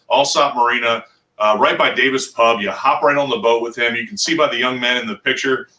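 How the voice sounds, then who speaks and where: A man's voice: medium pitch, bright, forceful tone, far from the mic. A man hosting a live charity fundraiser from a fishing shop, chatty and enthusiastic. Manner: chatty, enthusiastic, thanks supporters. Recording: echoey shop, off-mic.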